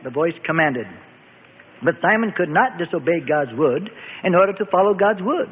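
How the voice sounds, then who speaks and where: A man narrating a scripted Bible story for radio in a steady, descriptive manner. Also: sits high, a little fast, breathy edge. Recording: tinny phone-like radio recording with reverb.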